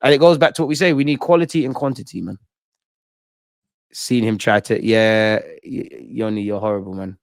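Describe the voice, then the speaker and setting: A young man hosting a casual football fan commentary show, talking in a blunt, excitable way full of slang. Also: lowish voice, moderate pace, dry recording, studio quality. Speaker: football channel host.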